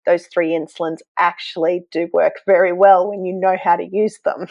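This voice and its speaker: A woman, a health coach, telling her story to a podcast host in an earnest, animated way, with self-deprecating asides. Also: fairly low pitch, moderate pace, vocal fry, no room sound. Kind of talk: conversational storytelling. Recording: dull, dry sound.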